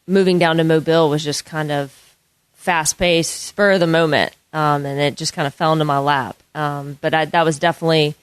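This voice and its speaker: Soft-spoken woman golf instructor. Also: low voice, smooth, no room sound. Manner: soft-spoken, many ums and you-knows. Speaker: golf instructor and fitness trainer. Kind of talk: casual interview answers.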